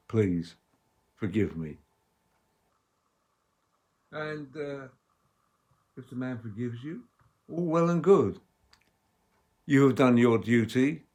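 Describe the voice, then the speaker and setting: Guy preaching a sermon, measured and emphatic, gets loud then soft, mid pitch. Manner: measured, emphatic delivery with strong dynamic swings.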